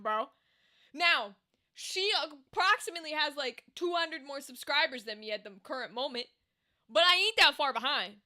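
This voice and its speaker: A young woman streamer ranting casually to her chat, animated, exasperated and swearing freely. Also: high voice, moderate pace.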